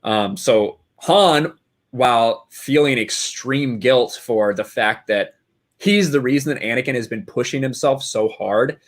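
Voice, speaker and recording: A man's voice: medium pitch, a little slow. A man in casual podcast chat who thinks aloud, with many fillers like "uh" and "like". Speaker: podcast co-host.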